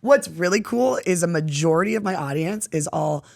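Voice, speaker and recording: A young woman in casual chat as a podcast guest, animated and slangy, swearing freely. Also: lowish voice, normal speed, creaky, a little hiss or hum.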